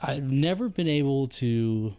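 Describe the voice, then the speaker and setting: A man from the United States, a former Army leader, talking on a podcast in a halting, reflective way, often searching for words. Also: mid-range voice, expressive, warm tone. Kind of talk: casual podcast conversation.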